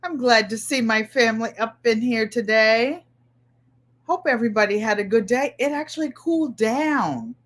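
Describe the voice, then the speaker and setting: Her voice is on the high side, with lively intonation and a normal speed. She is a middle-aged Connecticut woman hosting a casual livestream, greeting viewers by name, recounting her week and often repeating herself.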